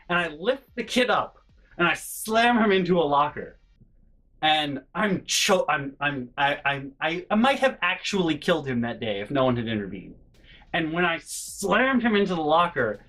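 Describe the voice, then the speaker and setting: Animated man telling a personal story. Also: on the high side, low-quality recording. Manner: animated, swings between hushed and loud, swears freely. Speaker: vlogger. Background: faint background music.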